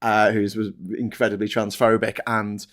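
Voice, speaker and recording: A British man co-hosting a live online chat show, talking loosely with many restarts and quick laughs. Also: lowish voice, flat delivery, a bit bright. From United Kingdom. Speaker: co-host.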